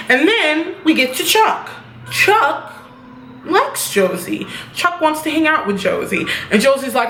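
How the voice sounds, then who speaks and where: A woman's voice: fairly high pitch, lively intonation, unhurried, fairly bright tone, roomy sound, slight background noise. A woman giving a casual, blunt recap of a TV episode, swearing freely as she talks. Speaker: TV episode reviewer.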